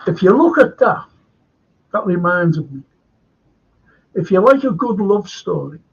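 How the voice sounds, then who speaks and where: A man's voice: a little high, creaky, slightly rough, highs cut off. A man with a Scouse accent hosting a live stream, chatting in a meandering way and reading out viewer comments. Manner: meandering, chatty, self-interrupting.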